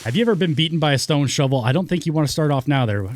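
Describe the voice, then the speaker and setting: Animated joking man narrating his gameplay. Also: fairly high pitch, very fast, a little hiss or hum. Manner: jokey, rambling, talks to himself and the game; lively swings from mumbles to excited whoops. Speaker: let's play gamer. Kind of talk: casual gameplay commentary.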